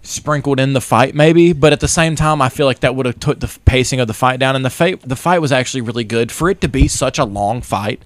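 A man co-hosting a podcast, casually recapping an anime with lively, profane storytelling. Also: mid-range voice, fast talker, hardly any pauses, no echo. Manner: animated retelling, acting out characters in funny voices, swears freely. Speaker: podcast co-host.

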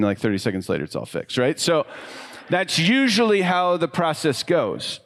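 Midlife guy giving a sermon, chatty and self-deprecating, voice goes soft and low at the end of thoughts, regular mid pitch. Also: clean tone. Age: middle-aged. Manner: conversational, self-deprecating storytelling with soft, trailing pauses. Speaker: pastor.

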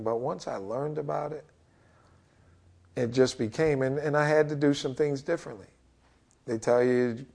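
A middle-aged man, a basketball coach, speaks in a creaky, mid-range voice with a darkish tone. He's a podcast guest telling his own story candidly and acting out what other people said.

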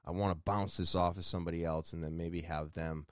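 A man's voice: sits low, steady tone, brisk, clean tone, no room sound. A man hosting his own podcast, speaking in a candid, self-critical solo monologue that rambles with restarts, close on a mic in a small room. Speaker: podcast host.

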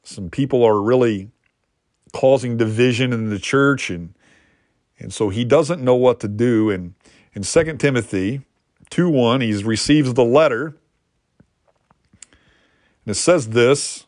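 A man's voice: lowish voice, a little slow, no room sound, studio quality. A man preaching a sermon in an earnest teaching manner, lifting his voice to drive points home. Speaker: pastor.

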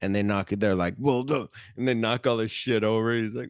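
A man's voice: lowish voice, steady tone, a little slow, smooth, no room sound, studio quality. A man co-hosting a podcast, recapping a movie in casual profane chat and acting out the scenes in quoted voices. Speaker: podcast co-host.

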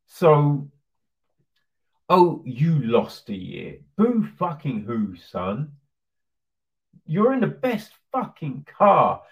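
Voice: medium pitch, sing-song, extremely slow, pauses often. A commentator delivering a profane, sarcastic, heated opinion rant. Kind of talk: ranting opinion monologue. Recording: distant dull lo-fi sound.

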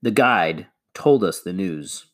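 A man reading a children's novel aloud, measured and expressive. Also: sits low. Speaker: reader.

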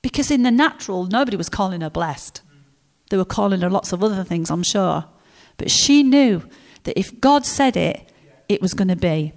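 A woman preaching a sermon, telling stories in a lively way and acting out the characters. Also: mid-range voice, moderate pace.

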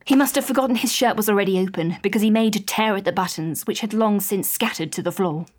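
A woman narrates an audio drama in first person. Her delivery is wry and lightly comic, with a plain, even voice. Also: medium pitch, fast talker.

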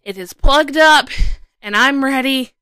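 A woman's voice: high-pitched, unhurried, bright, forceful tone, no room sound. A woman hosting a casual faith podcast for single listeners, bubbly, chatty and joking about herself. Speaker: podcast host. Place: indoors at home, standing.

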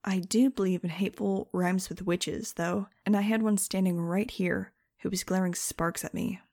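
A woman's voice: medium pitch, fairly even intonation, normal speed, dark tone, no room sound, clean studio sound. A woman narrating an audiobook in the first person, in a sarcastic, wisecracking, chatty way.

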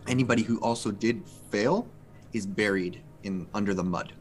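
A man's voice: fairly low pitch, moderate pace, soft background music. A man acting as game master, narrating and explaining rules with frequent fillers.

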